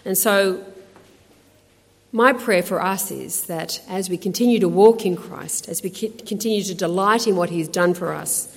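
A woman with an Australian accent gives a conversational, animated sermon with chatty asides, ending in prayer. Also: lowish voice, moderate pace, creaky, husky, in a large hall. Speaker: speaker at a women's ministry talk.

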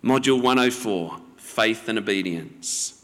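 A man preaching a sermon in a measured, gently teaching way. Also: on the low side, big-room sound.

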